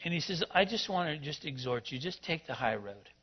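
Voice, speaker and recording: A man's voice: fairly high pitch, brisk, slightly rough. A man telling a personal story in a sermon, acting out both sides of the conversation. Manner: animated storyteller, acts out dialogue. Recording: dull lo-fi sound.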